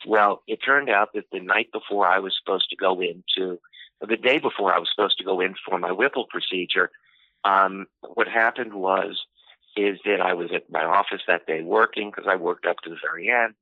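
A man telling a personal story in an interview, unhurried and full of "you know" fillers. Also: low-pitched, creaky, dry recording. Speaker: interview guest. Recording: tinny phone-line audio, dry.

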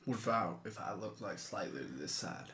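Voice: deep voice, animated, fairly quick, fairly bright tone, reverberant, a little hiss or hum. A tabletop player voicing a cocky, joking young male adventurer in a wobbly put-on accent. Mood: cheeky.

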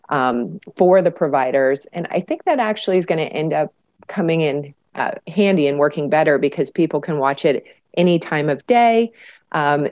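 Woman, low voice, researcher guest, explanatory, frequent fillers, muffled lo-fi audio. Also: a little mellow. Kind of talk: podcast interview answers.

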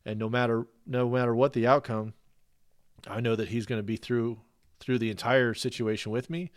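A man's voice: fairly low pitch, no echo, studio quality. A man talking earnestly in a casual faith conversation, often repeating words as he restarts his thoughts.

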